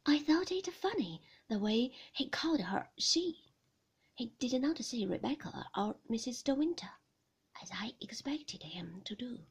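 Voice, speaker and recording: A woman narrating a novel in a whispered storybook reading, breathy and husky. Her soft, hushed voice moves slowly and lifts and falls in a lively way. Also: a little high. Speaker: audiobook narrator.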